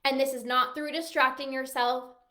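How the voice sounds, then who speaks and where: A woman's voice: sits high, little pitch movement, moderate pace, sharp tone. A woman coach talking straight to her viewers, enthusiastic and emphatic, now and then acting out her clients' worried thoughts. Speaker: binge eating coach. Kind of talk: direct-to-camera pitch.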